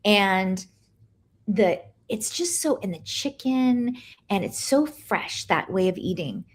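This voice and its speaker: A woman's voice: medium pitch, animated, slow pace, slightly rough. A middle-aged woman hosting a casual livestream, chatting in a rambling way and stopping to greet viewers and answer their comments. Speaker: livestream host.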